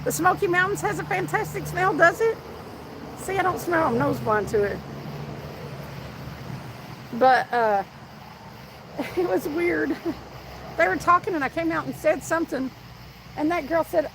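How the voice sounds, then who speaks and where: A woman's voice: sits high, lively intonation, normal speed, long pauses, background noise. A woman with a Southern US accent, hosting a casual fishing live stream outdoors, chatting with viewers and telling stories. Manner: chatty, reads out viewer comments and tells stories. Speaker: fishing livestream host.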